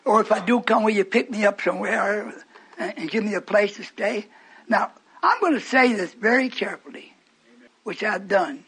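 Older man, fervent radio sermon, rambling, very high-pitched, husky. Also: normal speed, a bit bright. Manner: fervent, rambling, tells stories to the congregation. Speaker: preacher. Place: church hall with a congregation.

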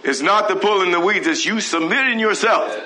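A man's voice: sits high, a little fast, a crowd in the background, low-quality recording. A man preaching a sermon, asking the congregation rhetorical questions. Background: congregation responding.

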